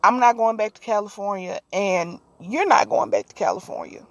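A woman voicing a creepy, controlling young wife, speaking low and eerily calm. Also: moderate pace, no echo, close to an everyday voice.

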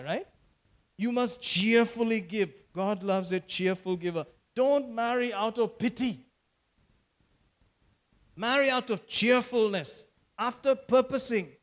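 A man, preaching a sermon as pastor, repeating phrases and calling for amens. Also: sits high.

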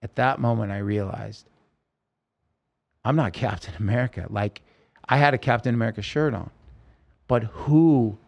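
A man, a podcast guest, telling a personal story in a halting, emotional way with many restarts. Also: fairly low pitch, creaky.

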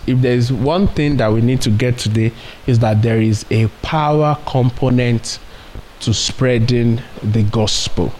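Guy preaching, earnest, asks the crowd questions, mid pitch voice. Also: a little mellow, slight background noise. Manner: earnest preaching with rhetorical questions and retold anecdotes. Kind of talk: sermon.

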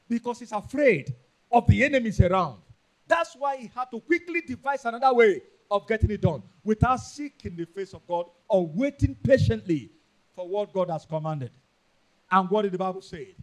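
High, lively Nigerian preacher. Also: male voice, moderate pace. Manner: emphatic preaching, repeats lines, rises to loud bursts. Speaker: pastor. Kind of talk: sermon.

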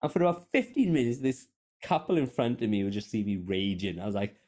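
A man's voice: mid-range voice, a little fast. A man co-hosting a podcast, telling stories in a casual chat, swearing freely and poking fun at himself. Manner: sweary, animated, self-mocking. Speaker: podcast host. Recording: podcast microphone.

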